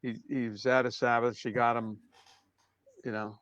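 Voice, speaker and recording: A man in his sixties from Brooklyn with a New York accent, telling stories as an interview guest in a relaxed way that trails off softly. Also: mid-range voice, normal speed, no echo, lo-fi sound. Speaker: drummer guest. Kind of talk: casual interview storytelling.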